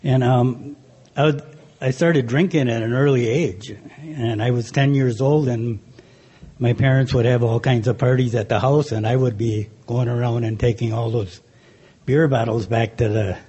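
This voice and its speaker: A man giving a hesitant, halting talk about his own recovery, often clearing his throat. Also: mid-range voice, fairly even intonation, dark tone, muffled recording. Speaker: convention speaker.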